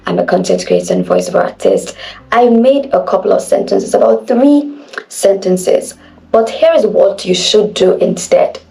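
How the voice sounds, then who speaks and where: Nigerian woman diction coach, slow, emphatic delivery over soft background music. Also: mid-range voice, gravelly. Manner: deliberate, emphatic, demonstrative. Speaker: diction instructor. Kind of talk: instructional video lesson.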